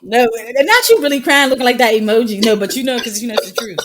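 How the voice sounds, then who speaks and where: A woman's voice: fairly high pitch, lively intonation, quick pace, crowd noise. A woman in her thirties co-hosting a podcast, telling a story in a sassy, emphatic way and laughing often. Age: 30s. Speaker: podcast co-host. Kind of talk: casual chat.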